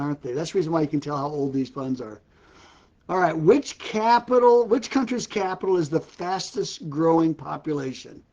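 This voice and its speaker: A man's voice: a little high, muffled recording. Older man chuckling through corny puns. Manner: keeps breaking into laughter at his own jokes. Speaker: ministry host. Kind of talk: casual live-stream pun telling. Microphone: live-stream setup.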